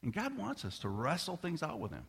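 Bright-voiced man preaching in a hall. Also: a little high, fairly quick, creaky, slightly rough. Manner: animated storyteller who addresses the congregation. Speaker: pastor. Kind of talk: sermon. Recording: long reverb of a large hall.

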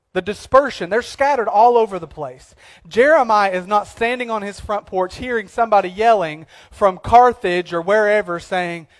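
A man preaching a sermon as pastor, moving between hushed, low passages and emphatic, repeated declarations.

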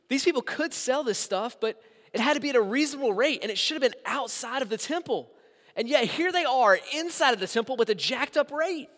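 A man in his thirties with a high, bright voice preaches to his church. His delivery is animated and swings from quiet, drawn-out asides to loud, punchy emphasis. The long reverb of a big hall trails behind each phrase. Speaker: pastor. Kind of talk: sermon.

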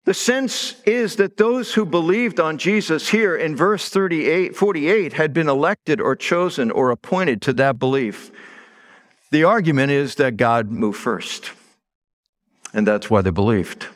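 A man's voice: on the high side, expressive, unhurried. A middle-aged man preaching a sermon as pastor, telling stories in a conversational way and leaning hard on key words. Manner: conversational storytelling with stressed words.

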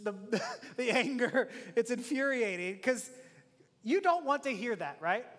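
A man's voice: extremely high pitch, fairly bright tone. A man preaching a conversational sermon who acts out short prayers and everyday dialogues and often chuckles. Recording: long hall reverb.

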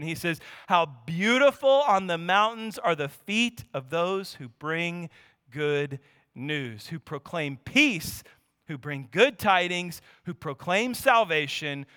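A man in his thirties preaching a sermon, moving from quiet scripture reading to animated, shouting family stories. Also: high-pitched, clean tone, no room sound. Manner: animated storytelling, swings from hushed to shouting. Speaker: pastor.

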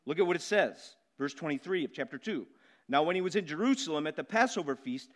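High-voiced preacher man, emphatic and repetitive. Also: expressive. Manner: emphatic, repeats key words, slows down to stress points. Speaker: pastor. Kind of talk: sermon.

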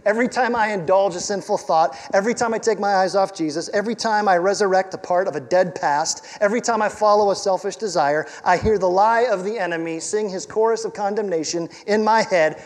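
A man's voice: sits high, fairly quick, hardly any pauses, long reverb tail. A male pastor preaching a sermon in a conversational, emphatic way, with rhetorical questions and repeated words for stress.

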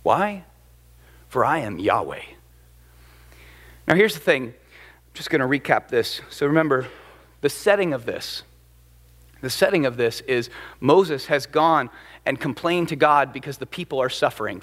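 A male pastor preaching a sermon, animated and emphatic as he retells the story. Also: medium pitch, moderate pace. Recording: long hall reverb.

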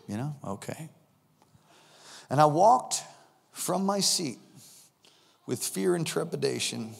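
A man preaching a sermon, telling a personal story and acting out the dialogue, swinging from shouts to hushed tones. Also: medium pitch, unhurried, gravelly, long pauses, in a large hall.

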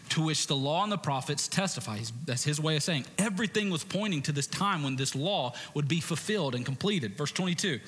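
A man preaching a sermon as pastor, conversational with jokey asides and sudden shouted bursts. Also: medium pitch, in a large hall. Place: church stage.

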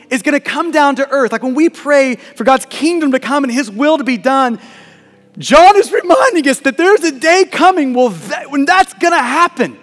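A man's voice: high voice, fairly bright tone, big-room sound. A man preaching a sermon as a pastor, earnest and emphatic, often repeating words as he presses a point.

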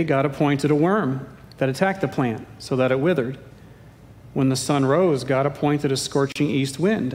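A man preaching a sermon as pastor, with playful, self-deprecating humor. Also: darkish tone. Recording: echoey hall with faint rumble.

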